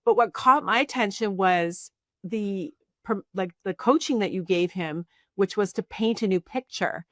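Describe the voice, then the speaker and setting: A woman's voice: medium pitch, unhurried, fairly bright tone, no room sound, studio quality. A woman hosting a podcast, asking chatty questions with fillers. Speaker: podcast host. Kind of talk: casual interview.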